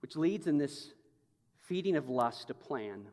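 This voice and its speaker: A man's voice: fairly high pitch, lively intonation, measured pace, a little mellow, long reverb tail. A man preaching a sermon with emphatic, conversational delivery and touches of humor. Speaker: pastor.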